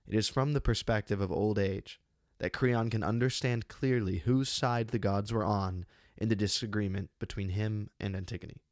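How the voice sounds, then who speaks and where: A man reading his own essay on a classic play, measured and deliberate, with slow emphatic pauses, close to a studio microphone. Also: lowish voice, no room sound. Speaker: channel host giving a literary analysis.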